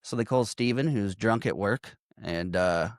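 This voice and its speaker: A man co-hosting a casual podcast, recapping a horror film with animated, profane delivery and frequent laughter. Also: fairly low pitch, measured pace, no echo, studio quality. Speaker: podcast co-host. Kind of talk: casual movie recap chat.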